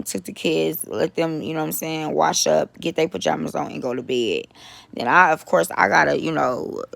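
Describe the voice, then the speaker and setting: A middle-aged woman telling a story in a casual vlog, animated, talking to her viewers and swearing freely. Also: deep voice, vocal fry, dry recording. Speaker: vlogger.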